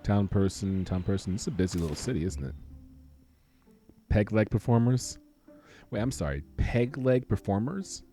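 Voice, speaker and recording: A man's voice: on the low side, normal speed, long pauses, dark tone, faint music behind. A young man casually commenting while playing a game, rambling and joking through a long story. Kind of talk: casual let's-play commentary.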